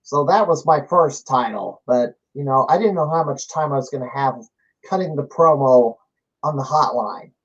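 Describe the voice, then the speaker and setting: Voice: mid-range voice, normal speed. A podcast host chatting casually about a home arcade, self-mocking and chatty. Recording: slightly dull, lo-fi audio.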